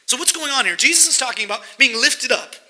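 A man's voice: very high-pitched, expressive, fast talker, sharp tone, rough recording. A man preaching a sermon, reading scripture verses aloud and explaining them with emphasis. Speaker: pastor.

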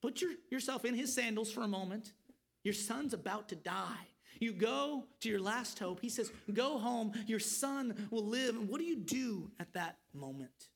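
A man's voice: sits high, expressive, moderate pace, vocal fry, fairly bright tone, slightly rough. A man preaching an expository sermon, earnest and pleading, asking his listeners questions.

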